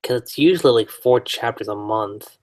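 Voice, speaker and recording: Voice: medium pitch, moderate pace. Chatty podcast guest, laughing along. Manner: relaxed, chatty, laughs along, filler-heavy. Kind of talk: casual chat.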